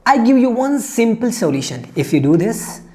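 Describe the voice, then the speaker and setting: A man's voice: very high-pitched, very animated, normal speed, a little mellow, pitched above the performer's own voice. A man voicing a friendly but pushy male bull who coaxes a bird in a spoken fable. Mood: coaxing. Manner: insistent, coaxing.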